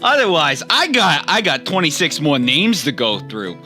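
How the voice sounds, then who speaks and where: A chatty player in a tabletop game, with a bright, lively voice that jumps around in pitch. The player talks nonstop and jokes often, over faint music. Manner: chatty, joking, fast-talking.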